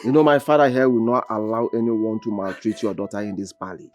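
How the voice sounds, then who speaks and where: Gentle pleading Nigerian prince, played by a man. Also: on the low side, steady tone, fast, faint music behind, lightly acted.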